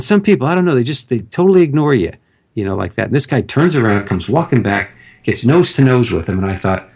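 A man in casual conversation, telling a rambling personal story with frequent restarts. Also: on the low side. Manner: rambling anecdotes with many restarts.

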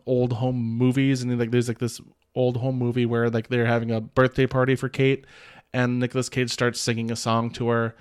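A man's voice: medium pitch, smooth. Rambling man recapping a film casually. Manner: rambling, many filler "like"s and restarts, chuckles often. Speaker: podcast host reviewing a film.

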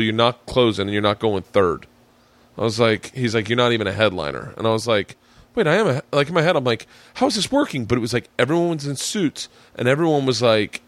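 A man's voice: medium pitch, no echo. A man hosting a podcast, telling a long story with lots of swearing and acted-out quotes. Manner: animated, profane storyteller acting out quotes. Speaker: podcast host. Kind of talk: casual storytelling chat.

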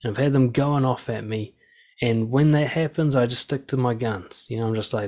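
A man's voice: medium pitch, normal speed. Frank, profane man, lo-fi sound. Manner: frank and profane, calm and steady. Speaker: speaker on relationships and conflict. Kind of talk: casual monologue. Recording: slightly dull lo-fi sound.

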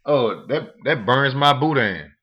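A man's voice: mid-range voice, lively intonation, measured pace, breathy edge, muffled recording. A man co-hosting a podcast, chatting frankly and casually, repeating phrases for stress. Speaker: podcast co-host. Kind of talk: casual chat.

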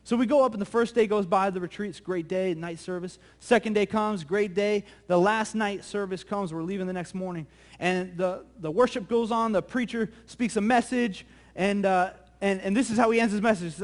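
Young guy pastor preaching, high voice, talks fast and chatty, repeats himself a lot. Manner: animated, conversational, repeats words when excited. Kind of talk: sermon storytelling.

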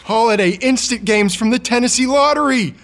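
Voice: mid-range voice, brisk, fairly bright tone, close to an everyday voice. An actor playing an exclaiming gift opener in a radio ad. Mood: delighted. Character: delighted then puzzled gift opener in a lottery ad. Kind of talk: radio ad acting.

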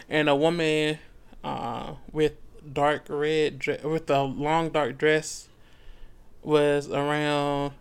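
A man's voice: fairly high pitch, clean tone. A man co-hosting a book club podcast, recapping a novel in loose, profane casual chat and acting out the characters' lines, laughing easily.

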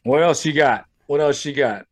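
A man's voice: a little high, normal speed. Laid-back male podcast co-host. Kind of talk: casual profane chat.

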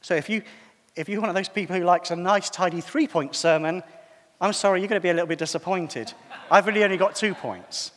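A man's voice: high voice, fast talker, a bit bright, big-room sound. A man preaching a sermon in a conversational, self-deprecating way.

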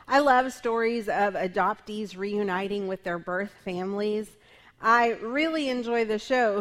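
A woman's voice: mid-range voice, fairly bright tone. A middle-aged woman pastor preaching a sermon in a conversational way, often tagging her points with "right?". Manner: conversational, frequent tag "right?".

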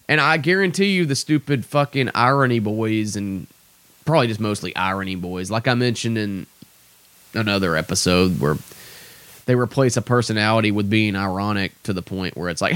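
A man's voice: fairly low pitch, sing-song, normal speed, a bit bright, no room sound. A young man hosting a podcast, ranting casually in an exasperated, sweary, rambling way. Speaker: podcast host. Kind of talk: casual solo rant.

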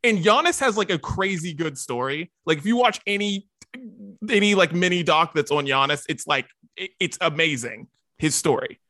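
A man co-hosting a casual podcast chat, talking in an excitable, emphatic way. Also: a little high, moderate pace, no echo, studio quality. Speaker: podcast co-host.

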